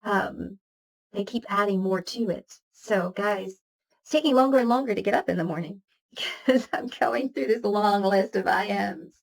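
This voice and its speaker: Woman, spiritual teacher, motivational talk, earnest, repetitive affirmations, mid pitch. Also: normal speed, creaky. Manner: earnest, reciting long lists of affirmations.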